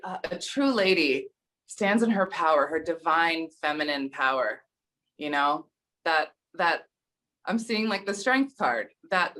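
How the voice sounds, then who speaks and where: A woman with a fairly low voice, appearing as a guest on a relaxed talk show. She answers at a measured, reflective pace and often affirms what others say. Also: poor audio. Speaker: guest intuitive reader. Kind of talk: casual chat.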